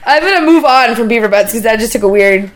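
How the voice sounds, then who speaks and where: A woman co-hosting a podcast, telling stories in casual chat, loud and laughing, swearing freely. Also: a little high, lively intonation, fast. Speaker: podcast co-host.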